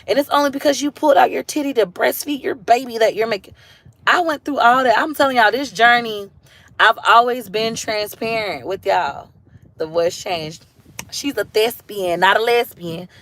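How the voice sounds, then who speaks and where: A woman in her thirties with an African American accent, chatting casually on a livestream and swinging into high mocking voices now and then. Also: normal speed. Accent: African American English. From Tampa, Florida. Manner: animated and chatty, drops into high mocking voices when quoting others. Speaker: livestream host.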